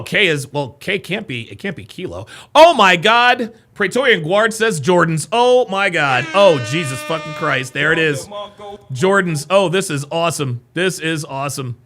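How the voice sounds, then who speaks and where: A podcast host, reading out viewer comments on a livestream, excitable and loud, with frequent exclamations. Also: male voice, fairly high pitch. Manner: excitable, laughing often, loud bursts of exclamation.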